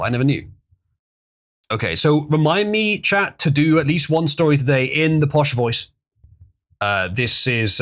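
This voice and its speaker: A man's voice: medium pitch, fairly bright tone. A man hosting a casual livestream, chatting loosely with chuckles as he reads out viewer donations. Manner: rambling, chuckling, reading out donations. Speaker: livestream host.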